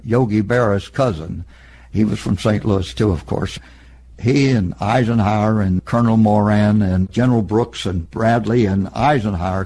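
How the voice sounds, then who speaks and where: Husky-voiced elderly man telling old stories. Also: on the low side, a little mellow. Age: older. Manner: plain storytelling, unhurried and matter-of-fact. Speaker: interviewee, veteran. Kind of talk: oral history interview.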